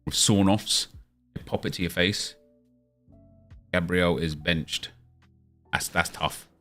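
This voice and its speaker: A man's voice: low voice, fairly even intonation, slow pace, pushed and bright, faint music behind. A young man chatting casually on a live stream, answering viewer questions as he plays a football game.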